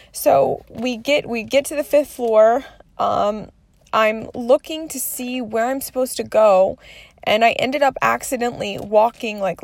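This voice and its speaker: Tearful, swearing woman with a gravelly voice. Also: on the high side, darkish tone, dry recording. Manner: rambling, emotional, swears a lot. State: near tears. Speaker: vlogger. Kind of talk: candid storytelling.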